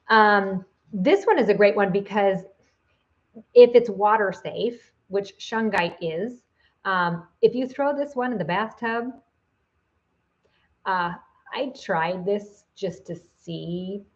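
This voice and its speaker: A woman's voice: mid-range voice, takes it slowly, long pauses, highs cut off. A woman giving a casual video lesson as a psychic teacher, chatty, with many fillers and restarts.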